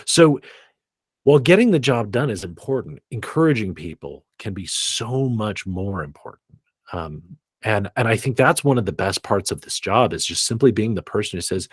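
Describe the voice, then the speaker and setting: A man tells a workplace story with lots of rise and fall in his voice. His tone is a little husky. The sound is dry and close, with no room in it. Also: mid-range voice, moderate pace, dry recording. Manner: animated storyteller acting out quoted voices. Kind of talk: storytelling in a group video call.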